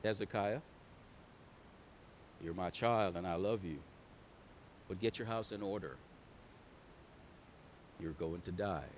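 A man preaching who voices God as a loving but firm father, speaking low, hushed and tender. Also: takes it slowly, long pauses, slight background noise.

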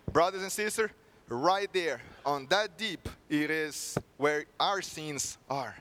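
A man's voice: a little high, expressive, slow pace, a bit bright. A male preacher delivering a sermon with earnest storytelling and rhetorical questions.

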